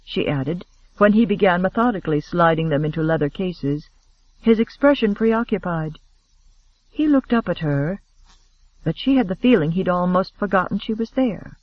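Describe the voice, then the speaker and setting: A man narrating a romance audiobook in a steady, expressive storytelling manner. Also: fairly high pitch, normal speed, lo-fi sound.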